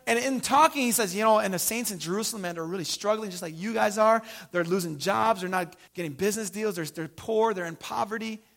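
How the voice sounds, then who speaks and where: A man preaching a sermon, casual and animated, telling stories and acting out the people in them. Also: high-pitched, fairly quick, creaky, few pauses. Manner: casual, animated storytelling with acted asides. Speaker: pastor.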